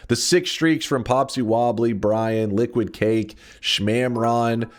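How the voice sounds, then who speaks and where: A man streaming a game, talking casually in an animated, mock-dramatic way and swearing often. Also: mid-range voice, slow pace. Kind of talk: casual livestream commentary.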